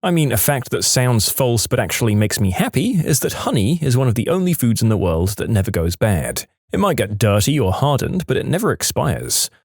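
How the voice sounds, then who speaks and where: A man reading online posts aloud with wry, sarcastic asides in an animated, lively way. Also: medium pitch, a little fast, hardly any pauses, no room sound, studio quality.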